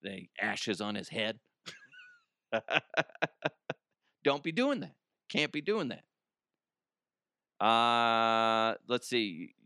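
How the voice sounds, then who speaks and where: A man's voice: fairly low pitch, animated, takes it slowly, pauses often, bright, forceful tone, clean tone, no room sound, clean studio sound. A man hosting a podcast, ranting in a crude, rambling comedic monologue and often laughing. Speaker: podcast host.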